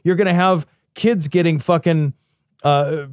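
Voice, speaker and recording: A man's voice: a little high, fairly even intonation, measured pace, no room sound, clean studio sound. A man co-hosting a podcast in casual chat, ranting emphatically and with profanity.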